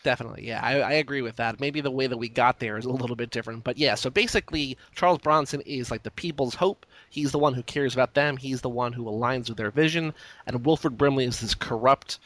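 A man hosting a casual movie discussion, animated, full of "like" and rising when excited. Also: quick pace, dry recording. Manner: animated, lots of "like", rises in pitch when excited. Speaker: podcast host.

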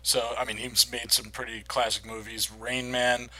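A man's voice: mid-range voice, level tone, moderate pace, a crowd in the background. A man co-hosting a podcast, joking and asking follow-up questions in casual film talk. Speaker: podcast co-host.

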